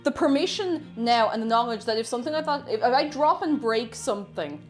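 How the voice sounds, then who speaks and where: Baking on a live stream, a young Irish woman with an Irish accent reads chat out loud and jokes around in casual talk. Her voice is somewhat high, expressive and a little fast, with faint music behind.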